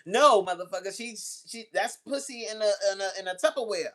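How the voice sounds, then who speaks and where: Woman host on a livestream, animated and blunt, swears a lot, laughs a bunch, does little voices, mid pitch. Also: fairly quick, few pauses. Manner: acts out quoted voices while telling stories. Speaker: host answering chat messages. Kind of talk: casual livestream chat.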